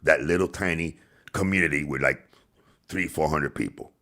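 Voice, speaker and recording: Gravelly, taunting livestream host man. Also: a bass voice, moderate pace, sharp tone. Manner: taunting, profane, insulting. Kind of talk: ranting livestream talk.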